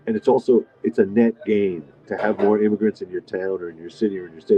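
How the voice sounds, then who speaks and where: A middle-aged man hosts a casual live stream from a diner, rambling and answering viewer comments as he eats. His voice is lowish and fairly even, and he talks quickly with few pauses. The sound is dull and lo-fi, with faint music behind him.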